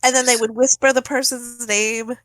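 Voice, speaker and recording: A woman co-hosting a podcast, telling stories in a casual, animated, profane way. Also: fairly high pitch, normal speed, no room sound. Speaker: podcast co-host.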